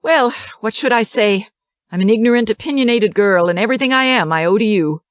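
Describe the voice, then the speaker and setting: A woman reading the part of an impudent, combative young woman teacher with a dry, quick wit. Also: medium pitch, dry recording, pitched above the performer's own voice, lightly acted. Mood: tearful. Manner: wicked, dry, quick-witted.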